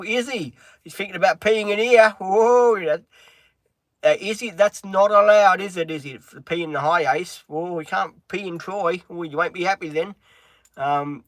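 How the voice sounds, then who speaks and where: A man's voice: on the high side, a bit bright, no echo. Man, middle-aged, rambling, filler-heavy, stops to talk to his dog, in a van, dry sound. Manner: rambling, with many filler ums. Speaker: live streamer. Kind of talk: casual live-stream chat. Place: inside a van.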